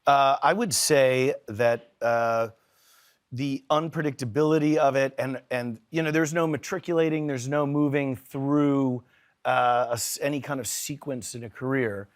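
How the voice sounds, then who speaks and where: A man's voice: medium pitch, fairly even intonation, unhurried. A middle-aged man chatting as a talk show guest in a TV studio, playful and self-deprecating, with lots of fillers and restarts. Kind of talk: casual chat. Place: TV studio with audience.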